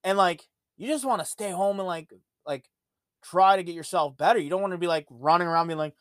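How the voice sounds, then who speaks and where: A high, animated and slightly bright voice at a normal speed carries this Ontario podcaster's laid-back monologue of profane, rambling stories. The studio recording is clean, with no echo.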